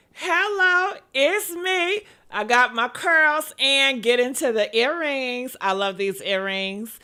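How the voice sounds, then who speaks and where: A woman hosting a live-stream celebrity gossip vlog, sassy and animated, calling her viewers honey. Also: high-pitched, clean tone. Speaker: gossip vlogger. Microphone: earpiece.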